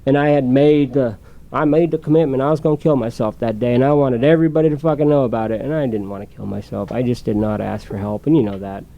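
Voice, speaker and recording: A man's voice: medium pitch, fast talker, creaky, few pauses. A man speaking frankly and profanely as a guest in a podcast interview. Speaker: guest, former police officer in recovery. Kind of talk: candid interview answers. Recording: dull lo-fi audio.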